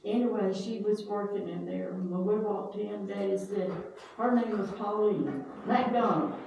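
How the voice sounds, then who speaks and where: An older woman with a drawl reminisces about family, slow and unhurried, pausing to hunt for names. Her voice is mellow and dark. She sounds distant from the mic in a very echoey room with a faint background hiss. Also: medium pitch, gravelly. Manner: rambling, searches for names aloud. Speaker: family storyteller.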